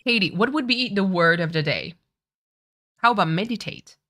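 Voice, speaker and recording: A woman's voice: medium pitch, lively intonation, normal speed, pushed and bright. A woman streamer, chatting casually over a game, giggling and correcting herself often. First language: French. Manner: giggly, apologetic, self-correcting. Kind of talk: casual let's-play commentary.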